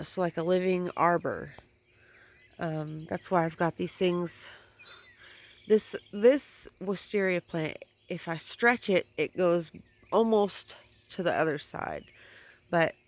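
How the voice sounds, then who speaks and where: A woman giving a casual, chatty gardening vlog outdoors in her front yard, swearing at times, filmed on a handheld phone. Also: lowish voice. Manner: chatty, swears when annoyed. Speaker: vlogger.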